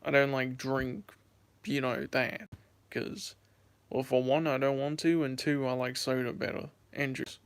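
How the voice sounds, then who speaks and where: Young man, late teens, from the US, casual livestream chat, holds phone mic, repeats himself, smooth tone. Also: mid-range voice, flat delivery, measured pace. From United States. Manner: rambling, repeats himself while answering chat. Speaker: YouTuber livestreaming. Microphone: handheld phone.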